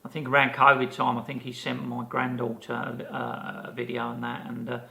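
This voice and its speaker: Gravelly, bright-voiced man telling stories. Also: medium pitch, brisk. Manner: lively anecdote-telling, acting out the people he quotes. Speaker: podcast co-host. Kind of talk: casual storytelling chat.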